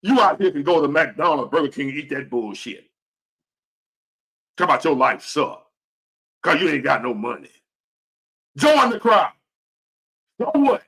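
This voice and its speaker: A man's voice: a little high, very animated, measured pace, pauses often, a bit bright, breathy edge. A man in his fifties giving a blunt, profane, preachy motivational rant to the camera. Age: 50s. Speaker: vlogger.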